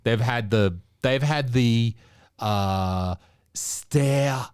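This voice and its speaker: A man's voice: medium pitch, animated, fairly quick, a little mellow, no room sound, studio quality. A man hosting a podcast, riffing in casual chat. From Australia. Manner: chatty, riffing and analytical. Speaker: podcast host.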